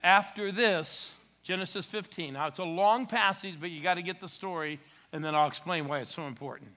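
A man's voice: high-pitched, a little fast, pushed and bright. A middle-aged man preaching a sermon, telling a story and joking with the congregation. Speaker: pastor. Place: church sanctuary.

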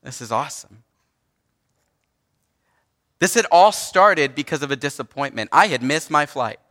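A man's voice: on the high side, animated, normal speed, pushed and bright. A young man preaching, telling a personal story in a casual, earnest way with frequent restarts and fillers. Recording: long hall reverb.

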